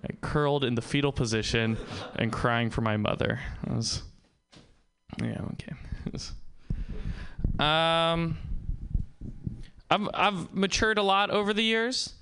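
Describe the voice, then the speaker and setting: A man doing a stand-up set, telling stories in a deadpan way. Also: fairly high pitch, a little slow, gravelly, pauses often, a little hiss or hum. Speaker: stand-up comedian.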